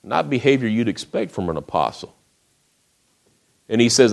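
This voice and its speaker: A man preaching a sermon, retelling the story in a folksy way with acted quotes, often dropping to a hush. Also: low voice, moderate pace, pauses often.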